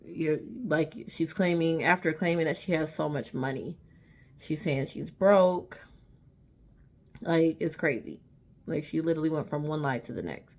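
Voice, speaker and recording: A woman's voice: deep voice, unhurried, darkish tone. A woman vlogger telling a storytime rant to camera, emphatic and indignant, often repeating herself.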